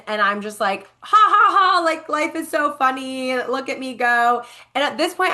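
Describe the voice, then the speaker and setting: A young woman co-hosting a podcast, telling a story in a casual chatty way with lots of fillers and lively quoted voices. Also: fairly high pitch. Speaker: podcast co-host.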